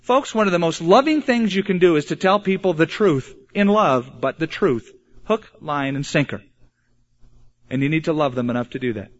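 A man preaching an earnest sermon, slowing down hard for emphasis. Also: a little high, animated. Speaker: pastor. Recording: dull lo-fi sermon recording.

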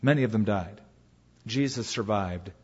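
A man's voice: fairly low pitch, a little slow, husky. Man preaching in a reverberant hall. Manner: dramatic storytelling, rhetorical questions. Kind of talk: sermon. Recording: dull reverberant hall recording.

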